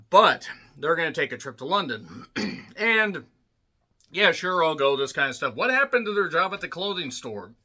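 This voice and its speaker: A man giving a rambling, casual movie recap, clearing his throat often and swearing bluntly. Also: a little high, bright, forceful tone. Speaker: movie reviewer.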